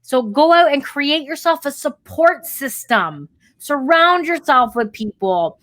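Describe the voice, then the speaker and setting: A woman co-hosts a motivational podcast, speaking in a fairly high voice. She talks straight at the listener like a coach, blunt and casual, with the odd swear thrown in. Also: animated, unhurried, fairly bright tone. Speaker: podcast co-host.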